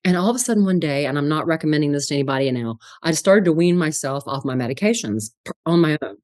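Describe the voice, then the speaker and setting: A middle-aged woman, a spiritual psychologist, telling her story in an interview with animated, laughing delivery. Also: low voice, fast talker, no room sound, studio quality.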